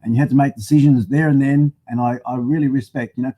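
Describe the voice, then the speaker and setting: A man's voice: medium pitch, steady tone, quick pace, warm tone. An Australian man hosting a casual live stream, chatty and matey as he greets viewers by name. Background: faint music.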